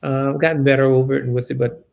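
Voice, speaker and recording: Brief: male interview guest, gravelly tone, subdued, halting storyteller. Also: medium pitch, little pitch movement, a little mellow, lo-fi sound. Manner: halting, many restarts and fillers; shaken and subdued. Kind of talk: emotional personal storytelling.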